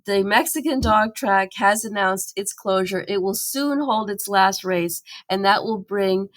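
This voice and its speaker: A woman's voice: medium pitch, measured pace. A woman campaigner, a guest in a podcast interview, telling her story earnestly and with animation, with fillers and restarts.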